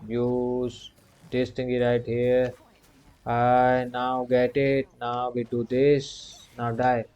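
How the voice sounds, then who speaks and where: A young gaming channel host narrates his own play, muttering the same commands to himself, grumbling in frustration when things go wrong, and padding sentences with "you can say." His mid-range voice is monotone, very slow, and a little mellow. The recording is dull and lo-fi.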